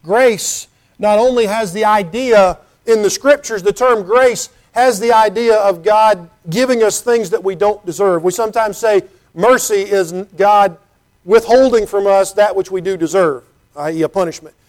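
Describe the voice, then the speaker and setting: A man's voice: high voice, normal speed. A man preaching a sermon in an earnest, conversational way, asking his listeners rhetorical questions and reading scripture aloud. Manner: reads scripture in King James wording.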